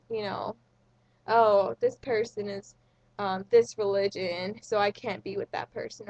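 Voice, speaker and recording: A young woman vlogger telling a story in a chatty, casual way, full of fillers and sudden excited bursts. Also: a little high, gravelly, no room sound, highs cut off. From India.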